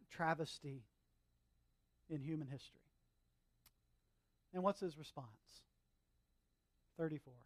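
A male pastor preaching a sermon in an animated, conversational way, with humorous asides and emphatic swings from loud to hushed. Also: on the high side, dry recording.

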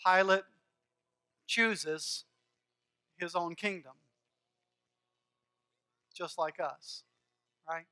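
A man's voice: high voice, drawn-out words, pauses often, pushed and bright, smooth. A man preaching a sermon as pastor, earnest and emphatic, building his points through rhythmic repeated phrases.

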